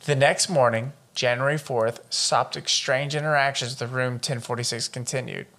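Bright-voiced man reading a true-crime case. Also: medium pitch, fairly even intonation, moderate pace. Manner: profane and joking, wanders off into riffs. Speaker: podcast co-host.

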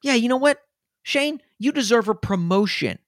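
A man's voice: very high voice, lively intonation, normal speed, no room sound. Male podcast co-host, furious rant, trips over his words, dry close sound. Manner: angry, fired-up ranting with stumbles and restarts. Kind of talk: casual sports podcast rant.

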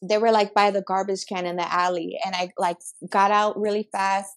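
A young woman from Chicago, a podcast guest, telling her life story in casual, animated talk and acting out what people said. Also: medium pitch, normal speed. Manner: animated, acts out quotes in her own voice.

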